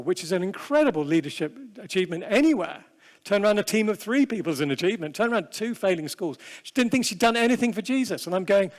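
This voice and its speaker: A man's voice: sits high, expressive, brisk. Man speaking in a reverberant hall. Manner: conversational, self-deprecating, with fillers and asides. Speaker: seminar speaker. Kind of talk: prayer and sermon-style seminar talk. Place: large convention hall.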